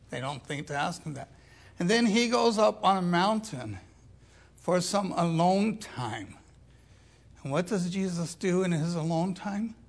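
An older man preaching a sermon in a slow, deliberate way, dropping into quiet asides. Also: a little high, vocal fry.

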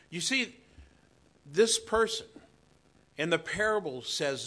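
A man preaching a sermon in a church, slow and emphatic, swinging between loud declarations and hushed asides. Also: fairly high pitch, big pitch swings. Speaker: pastor.

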